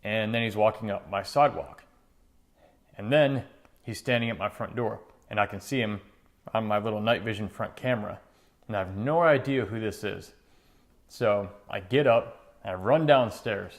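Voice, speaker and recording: Speaking at a moderate pace in a voice on the low side, a middle-aged man recounts something from his own life. He's a motivational speaker, and his storytelling is earnest and conversational, with animated quoted voices.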